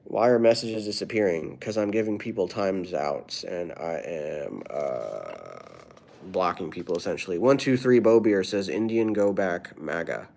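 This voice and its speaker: A man with a low voice talks casually with viewers on a live stream. He is playful and swings up and down a lot in pitch as he riffs, tossing off quick throwaway rhymes. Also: animated, vocal fry, a little mellow. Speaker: comedian.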